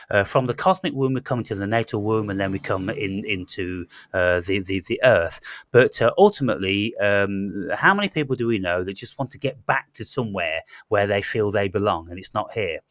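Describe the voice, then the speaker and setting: A man hosting a casual philosophical chat, rambling and halting with many restarts, blunt and swearing freely. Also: lowish voice, no room sound, clean studio sound. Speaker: channel host.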